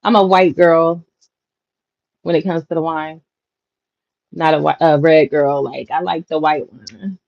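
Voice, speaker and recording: A woman's voice: low voice, fairly even intonation, a little slow, gravelly, pauses often, no echo. Chatty woman hosting a home livestream. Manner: chatty, laughs often, talks to viewers directly. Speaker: livestream host. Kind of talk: casual live chat reading comments. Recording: dull lo-fi livestream audio, dry.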